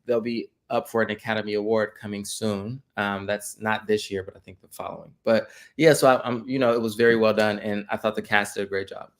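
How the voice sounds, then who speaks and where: A man co-hosting a casual movie review chat, speaking in a measured, analytical way. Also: lowish voice, steady tone. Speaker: podcast co-host.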